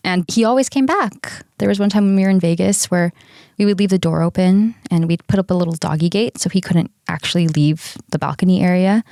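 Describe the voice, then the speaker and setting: A woman's voice: fairly low pitch, brisk, dark tone, no room sound, studio quality. A woman in her thirties co-hosting a podcast, telling personal stories in a chatty way, laughing often and swearing casually. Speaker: podcast co-host. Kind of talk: casual storytelling chat.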